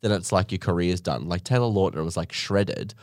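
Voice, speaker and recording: A man co-hosting a casual chat, gossipy and joking, quick to laugh. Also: sits low, a little mellow, no echo, clean studio sound. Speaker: podcast co-host.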